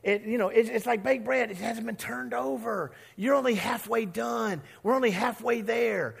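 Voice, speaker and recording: A male pastor preaching a lively, conversational sermon with a somewhat high voice. He acts out the characters' lines in little voices and draws the congregation in playfully. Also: moderate pace, vocal fry, few pauses, breathy edge, in a large hall.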